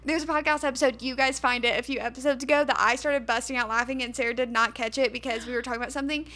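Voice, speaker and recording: A woman's voice: sits high, steady tone, rapid-fire, pushed and bright. A woman with a light American country twang, co-hosting a podcast in casual chat and telling long detailed stories. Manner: chatty storyteller, talks a lot, drawls some words. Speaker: podcast co-host.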